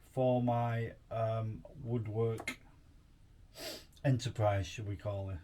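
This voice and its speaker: A man's voice: lowish voice, fairly even intonation, takes it slowly, long pauses, mellow. Guy rambling thru a tool unboxing in his garage, noisy recording with clicks. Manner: chatty and rambling, thinks aloud. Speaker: tool reviewer. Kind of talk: casual chat while unboxing. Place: home garage workshop.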